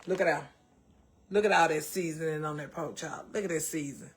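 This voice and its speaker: Speaking in a low voice at a fairly quick clip, a Southern American woman runs a laid-back cooking livestream. She chats folksily with viewers, calling them baby and child.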